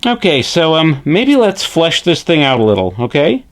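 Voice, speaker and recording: A man pitches his voice above his natural one, high, sing-song and fairly bright, to voice Frederick, a friendly male hand puppet. Frederick is instructive and chipper as he teaches puppetry basics on camera, speaking slowly and deliberately and often adding "eh?".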